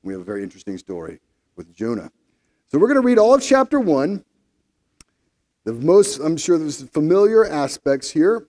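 A man's voice: fairly high pitch, very animated, moderate pace, pauses often, a little mellow. A man leading a Bible study, explaining the text conversationally before reading scripture aloud.

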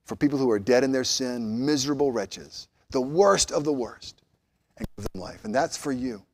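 A man preaching a sermon as pastor of a church, swinging between loud emphatic rises and quiet, low passages, closing in prayer. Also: normal speed. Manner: animated, rising loud on emphasis, dropping soft and low.

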